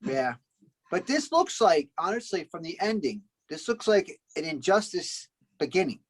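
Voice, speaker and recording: A man in a casual movie review chat, excitable, cutting in, cursing and laughing. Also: high voice, normal speed, breathy edge, no echo. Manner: excitable, interjects, swears, laughs. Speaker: podcast co-host.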